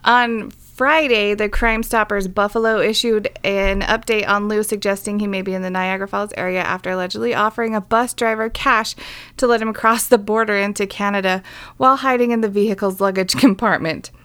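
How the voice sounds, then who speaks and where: A woman's voice: mid-range voice, flat delivery, brisk, fairly bright tone, clear, resonant tone. A woman co-hosting a casual podcast, reading a crime story aloud and breaking off with blunt, irreverent asides. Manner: irreverent, swearing, reads news then jokes. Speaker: podcast co-host.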